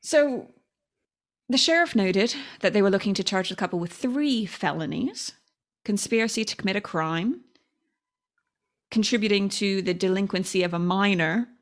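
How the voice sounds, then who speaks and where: A woman's voice: medium pitch, moderate pace. A woman with a Californian accent, co-hosting a casual true-crime podcast and telling the story with playful asides. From United States. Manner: animated storytelling with playful impressions. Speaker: podcast co-host.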